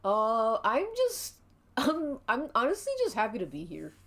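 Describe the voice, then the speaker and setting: A woman voicing an awkward, shy young man who talks in halting, nervous rambles. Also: a little high, huge pitch swings, fairly bright tone, pitched above the performer's own voice, exaggerated voice.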